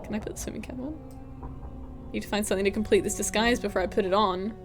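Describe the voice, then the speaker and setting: A woman's voice: mid-range voice, fast talker, faint music behind. A woman giving chatty, giggly commentary while streaming a video game. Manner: chatty, giggly, reads game text aloud. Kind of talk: let's play commentary.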